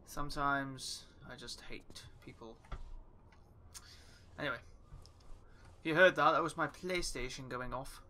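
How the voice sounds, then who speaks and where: A man's voice: medium pitch, unhurried, long pauses, pushed and bright, a little hiss or hum. A young man casually commenting while playing a game, chatty, swearing often and talking to himself. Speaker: gaming YouTuber. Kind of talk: casual let's play commentary.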